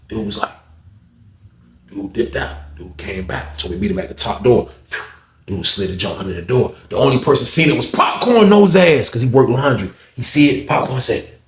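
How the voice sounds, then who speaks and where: A man's voice: moderate pace, reverberant. A man, telling a story in casual talk and acting out other people's lines. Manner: animated, acts out other people's lines with raised pitch, heavy profanity.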